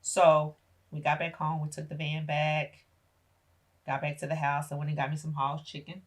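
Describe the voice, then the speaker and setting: A woman's voice: sits low, level tone, normal speed. A middle-aged woman, a podcast guest, telling a painful personal story with emotion and acting out the voices of family members.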